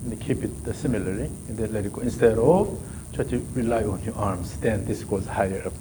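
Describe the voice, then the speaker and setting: A man's voice: lowish voice, fairly quick, noisy background. A man working as a golf coach in a live session, calling out short repeated drill cues and then explaining the movement.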